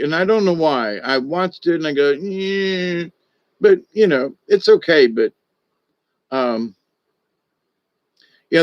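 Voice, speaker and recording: A man's voice: medium pitch, no room sound. Older guy rambling and restarting a lot, dull lo-fi sound, dry. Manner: animated storyteller, trails off and restarts. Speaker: former stage director and puppeteer. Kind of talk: rambling casual monologue.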